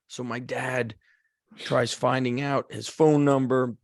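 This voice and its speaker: A man hosting a podcast, telling a casual story with lots of "like" and acting out the shouted lines of the people in it. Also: medium pitch, measured pace, gravelly, no room sound, studio quality. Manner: animated storyteller, acts out shouted quotes, frequent "like". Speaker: podcast host.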